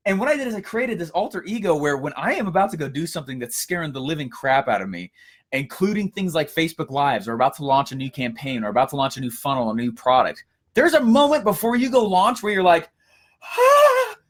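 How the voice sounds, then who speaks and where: A young man giving a casual coaching lesson, energetic and storytelling, with frequent fillers and restarts. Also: a little high, quick pace. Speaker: course instructor.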